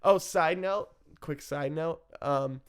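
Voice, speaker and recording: A man's voice: fairly high pitch, takes it slowly, clean tone. A man telling a personal story in a casual, self-mocking way, swearing freely and laughing often. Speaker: storyteller recounting his addiction.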